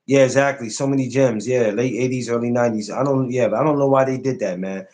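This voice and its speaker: A man hosting a live podcast stream, chatting casually and animatedly, swearing freely and jumping up high when he mocks something. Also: quick pace, darkish tone.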